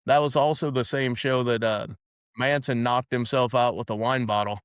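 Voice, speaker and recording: Male podcast host, rambling and profane, smooth resonant voice, dry close sound. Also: mid-range voice, steady tone, moderate pace, no room sound. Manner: rambling, profane, restarts a lot. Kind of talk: casual storytelling chat.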